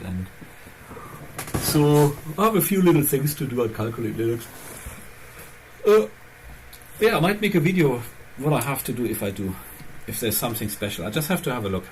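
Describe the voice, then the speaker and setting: A man's voice: lowish voice, animated, moderate pace, creaky, slight background noise, low-quality recording. A man hosting his own channel, chatting casually and rambling as he thinks aloud, with phrasing. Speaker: channel host. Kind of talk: casual chat.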